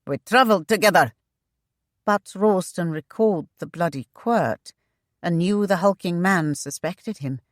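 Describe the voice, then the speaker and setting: Woman narrator, low voice, slow, expressive, dry close studio sound. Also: no room sound. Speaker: audiobook narrator. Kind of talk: scripted narration.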